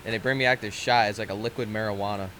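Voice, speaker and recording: A man's voice: fairly low pitch, steady tone, very fast, a bit bright, a little hiss or hum. A man chatting casually as a podcast co-host, laid-back and swearing freely.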